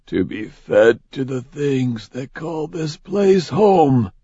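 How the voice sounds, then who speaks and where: A man voicing a chained, wounded man who speaks in a hushed, soothing, measured way in a storybook reading. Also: medium pitch, big pitch swings, breathy edge, dry recording, pitched above the performer's own voice, exaggerated voice. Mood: grim, hushed. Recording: dull lo-fi recording.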